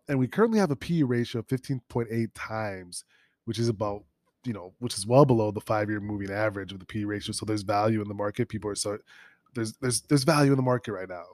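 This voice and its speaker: A man's voice: fairly low pitch, darkish tone, no room sound. A man hosting a solo finance news podcast, talking casually with frequent ums and restarts while sick with sniffles. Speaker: podcast host.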